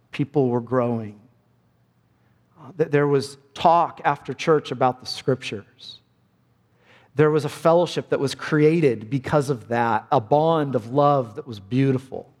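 A man's voice: mid-range voice, a little slow, pauses often, a little mellow, in a large hall. A man preaching a sermon as pastor, earnest and emphatic, repeating his key phrases.

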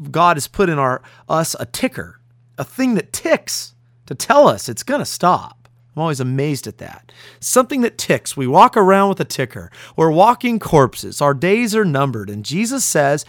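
A man's voice: on the high side, sing-song, normal speed, fairly bright tone, no room sound, studio quality. A man pastor preaching an earnest, emphatic radio sermon.

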